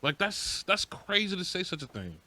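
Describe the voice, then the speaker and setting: A man co-hosting a podcast, ranting in a profane, slangy, animated way during casual chat. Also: high-pitched, normal speed. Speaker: podcast co-host.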